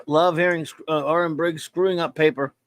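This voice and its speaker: A man's voice: a little high, fairly even intonation, a little fast. A man hosting a casual live-stream review, rambling and joking as he reads viewer chat aloud. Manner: rambling, joking, stumbles over words. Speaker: show host reading viewer chat.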